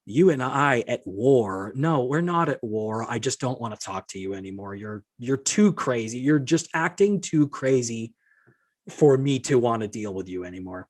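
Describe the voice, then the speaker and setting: A man's voice: medium pitch, expressive, normal speed, darkish tone. A man hosting his own podcast, ranting in an exasperated, indignant tone, swearing often and reading out messages he received. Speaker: podcast host. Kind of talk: solo podcast rant.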